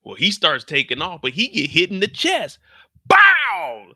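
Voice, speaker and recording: A man's voice: on the high side, sing-song, fairly quick, sharp tone, husky, no room sound. A man giving a casual, joking and profane recap of a TV episode as host.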